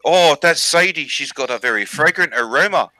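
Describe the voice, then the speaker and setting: A man's voice: fairly high pitch, expressive, normal speed, sharp tone, no echo, voice pushed up. A man voicing a crude, boastful old village chief in a joke, raised well above his own voice. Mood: gleeful.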